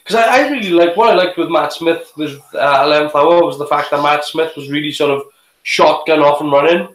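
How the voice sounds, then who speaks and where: A man's voice: a little high, fairly quick, fairly bright tone. Chatty man reviewing in an echoey room. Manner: hesitant, opinionated, many restarts. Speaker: show host reviewing TV. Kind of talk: casual live reaction chat.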